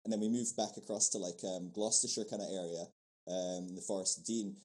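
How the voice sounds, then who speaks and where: A man's voice: sits low, fairly even intonation, fast talker, a little mellow, poor audio. A man in his thirties with a mixed Scottish, English and American accent talks easily as a podcast guest. He tells stories in a loose, chatty way, laughing often and restarting his sentences. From Scotland. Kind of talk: casual conversational storytelling.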